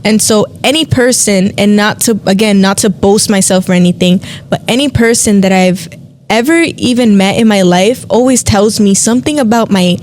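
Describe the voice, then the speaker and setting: Speaking at a normal pace in a mid-range voice, a woman co-hosting a podcast relates her faith testimony in relaxed chat. She's a lively storyteller who performs the voices of anyone she quotes.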